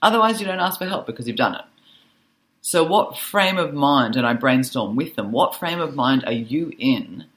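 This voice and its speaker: A woman social worker and author, a guest on a podcast, telling animated stories about teaching teenagers and laughing easily. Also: extremely low pitch, moderate pace. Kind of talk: conversational interview.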